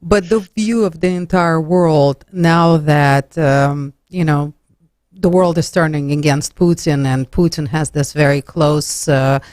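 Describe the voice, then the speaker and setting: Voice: medium pitch, fairly even intonation, takes it slowly, a little mellow, no room sound. A radio show host interviewing a rabbi, asking polite questions with hesitant fillers.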